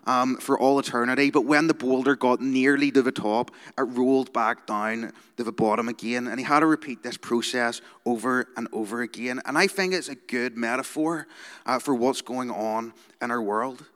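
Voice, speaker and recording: A man's voice: medium pitch, fairly even intonation, moderate pace, a bit bright. Northern Irish man preaching in a hall. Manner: conversational, keeps checking in with "okay?" and "right?". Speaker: youth worker giving a talk. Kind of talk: informal sermon talk.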